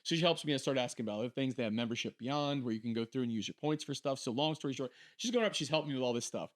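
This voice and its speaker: With a medium-pitched voice, this fan-podcast co-host races through his casual anecdotes. He brings the quoted people to life by imitating their voices.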